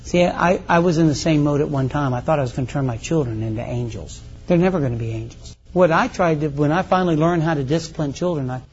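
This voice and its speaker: A man's voice: fairly high pitch, fast talker, hardly any pauses, a little mellow. A middle-aged male pastor preaching a folksy, conversational sermon full of rhetorical questions. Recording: muffled lo-fi recording.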